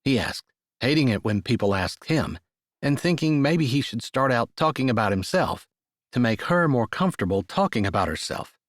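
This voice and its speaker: A male audiobook narrator reads a romance in a measured, steady storytelling manner. His voice sits in an ordinary middle range. The recording is close and completely dry. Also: medium pitch, no room sound. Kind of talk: scripted narration.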